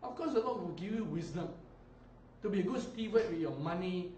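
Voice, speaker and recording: Animated pastor preaching in echoey hall. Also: male voice, high voice, a little fast, a little hiss or hum. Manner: animated preaching, mimics people, swings loud and soft. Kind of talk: sermon. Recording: echoey hall, distant mic.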